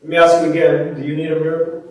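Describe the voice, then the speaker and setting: A man preaching a sermon, reading scripture and telling a story, rising with energy then dropping to quiet words. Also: fairly high pitch, rapid-fire. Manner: animated, swells up then drops to soft near-whispers. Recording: echoey church room, distant mic.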